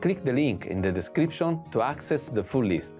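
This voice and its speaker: An announcer reads a scripted outro for a lesson series, addressing viewers directly and in a friendly way. The voice sits at a middle pitch, with soft music playing faintly underneath. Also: big pitch swings, moderate pace.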